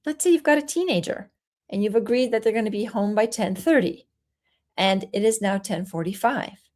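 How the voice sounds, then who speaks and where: Woman, parenting coach, gentle and explanatory, mid pitch. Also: normal speed. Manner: gentle, explanatory, acts out soothing parent lines. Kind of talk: solo coaching talk.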